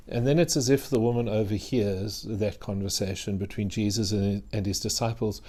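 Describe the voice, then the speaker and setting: Earnest, low-voiced male preacher. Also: fairly even intonation, dark tone. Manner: conversational, earnest preaching with dramatic pauses. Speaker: minister. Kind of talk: sermon.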